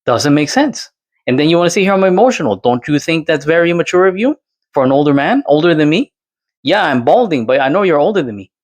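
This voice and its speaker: A man's voice: on the high side, lively intonation, fast talker. A man hosting his own channel, ranting to camera in a casual, exasperated way and firing off rhetorical questions. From Latin America. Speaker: channel host responding to another creator.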